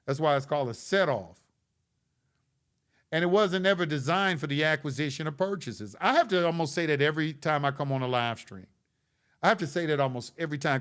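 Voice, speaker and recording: A man's voice: fairly high pitch, fairly bright tone. A man hosting a live stream, reading chat questions and answering them in a blunt, lecturing way with casual slang, often repeating himself.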